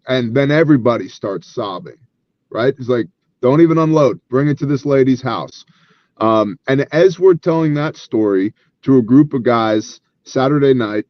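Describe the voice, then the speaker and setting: A man's voice: mid-range voice, dull audio. A man who leads a relief ministry, telling stories earnestly and with animation as an interview guest, acting out the dialogue.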